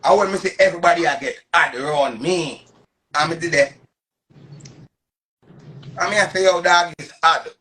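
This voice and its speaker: A man's voice: fairly high pitch, normal speed, pauses often, pushed and bright, breathy edge. Emphatic Jamaican Patois man, thirties. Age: 30s. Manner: emphatic, repetitive, boastful. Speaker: live streamer. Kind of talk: casual live-stream rant.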